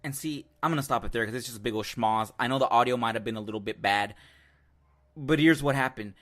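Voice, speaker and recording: A man's voice: mid-range voice, fast, a bit bright. A man hosting an online show and delivering heated, profane commentary on a clip he has just played. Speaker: show host. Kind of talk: ranting commentary on a video clip.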